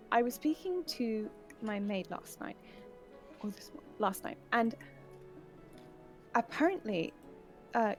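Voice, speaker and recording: A woman playing in a tabletop game, thinking aloud and laying out a plan in short bursts. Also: mid-range voice. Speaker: player. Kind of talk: tabletop game play, out-of-character chat.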